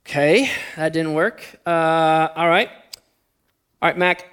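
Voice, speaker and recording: A middle-aged man, a pastor, preaching a sermon and telling a personal story, speeding up in bursts and slowing down for emphasis. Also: a little high, a bit bright, smooth. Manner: storytelling, shifting between quick bursts and slow emphatic phrases.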